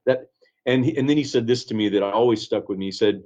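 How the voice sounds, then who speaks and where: A man's voice: medium pitch, fairly quick, darkish tone. Earnest man, dull podcast audio. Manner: earnest, reflective, with frequent restarts. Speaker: pastor, guest. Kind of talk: casual conversation, storytelling.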